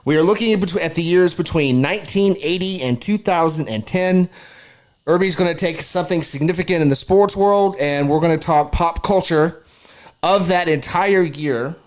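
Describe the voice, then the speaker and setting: A man's voice: fairly high pitch, moderate pace. Chatty, laughing man hosting a podcast. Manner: laughs often, relaxed and chatty. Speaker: podcast host. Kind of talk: casual sports podcast chat.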